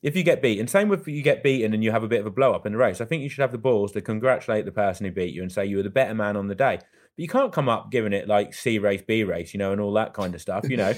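A man's voice: lowish voice, rapid-fire. A man co-hosting a podcast, telling stories animatedly and giving blunt opinions in casual chat. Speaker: podcast co-host.

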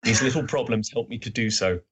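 A weary Victorian detective who drawls his lines dryly and without hurry, voiced by a British man reading aloud. The voice sits a little low and sounds plainly bored. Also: a little fast, a bit bright, husky.

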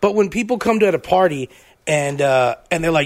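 A young man co-hosting a podcast, telling stories in a fast, animated, casual chat. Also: a little high. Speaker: podcast co-host.

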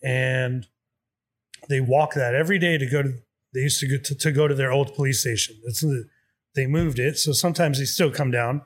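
A man's voice: mid-range voice, normal speed. A man telling a story in casual chat, swearing freely and acting out both sides of the dialogue. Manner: profane, animated, acts out dialogue.

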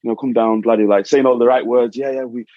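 A man telling a property investor's story in casual chat, repeating words when excited. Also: medium pitch, fast, dry recording, dull audio.

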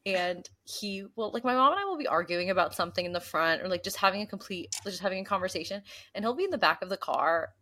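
Animated young woman telling stories. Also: mid-range voice, fast, hardly any pauses. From US East Coast. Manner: animated storyteller, mimics voices and gasps. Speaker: podcast co-host. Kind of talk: casual chat.

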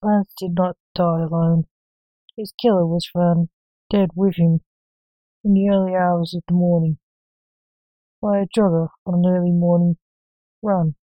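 A woman narrating a spooky fantasy story in a measured, even reading. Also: fairly low pitch, no room sound, dull audio.

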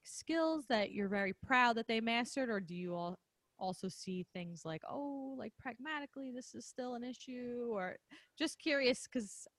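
A woman's voice: medium pitch, no room sound. A woman host with a curious manner, chatting casually and asking questions over a video call, often saying "like". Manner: curious, peppered with "like". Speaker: podcast host and speech therapist. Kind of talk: casual interview chat.

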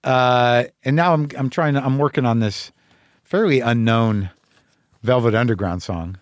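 A man's voice: mid-range voice, measured pace, no room sound, clean studio sound. A man hosting a podcast who talks in a candid, rambling way and swears casually. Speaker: podcast host. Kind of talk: casual monologue.

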